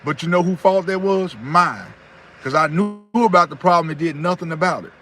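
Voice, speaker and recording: A man's voice: a little high, moderate pace, fairly bright tone. A man in his thirties giving folksy motivational talk on his own channel, repeating his points and greeting viewers by name. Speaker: YouTuber hosting a live stream.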